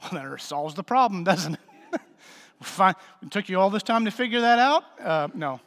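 Preacher with a high voice in a reverberant hall. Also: male voice, expressive, moderate pace, a bit bright. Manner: conversational, joking preacher with sudden emphatic swells. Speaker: pastor. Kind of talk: sermon.

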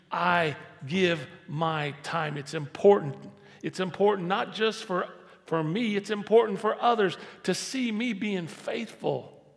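A man's voice: sits high, gravelly, long reverb tail. A man preaching a sermon as pastor in a church sanctuary, conversational and repetitive, rising to emphatic stress.

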